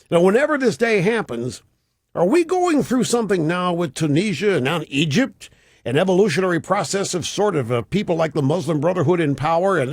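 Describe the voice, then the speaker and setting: A man's voice: on the high side, no room sound, studio quality. A man hosting a talk radio show, mocking news clips with sarcasm and mimicry. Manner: sarcastic, mimics stammering speech.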